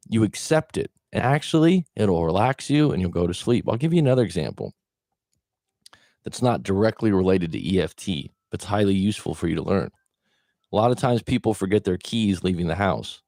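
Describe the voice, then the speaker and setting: A man's voice: fairly low pitch, animated, normal speed, darkish tone, dry recording, studio quality. A middle-aged man giving casual, plainspoken advice as a relationship coach, acting out quoted thoughts along the way. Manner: plainspoken, acts out quoted thoughts, occasional swearing.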